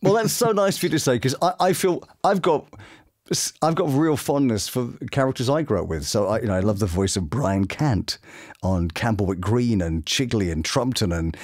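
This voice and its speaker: A middle-aged voice actor chatting casually and telling stories with lively energy. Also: male voice, mid-range voice, moderate pace. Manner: animated storyteller who slips into character voices. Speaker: voice actor guest. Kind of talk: casual chat.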